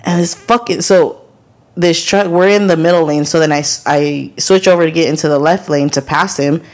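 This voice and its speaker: Profane, animated woman podcaster. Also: low-pitched, normal speed. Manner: profane, animated storyteller who acts out other people. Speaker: podcast co-host. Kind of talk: casual chat.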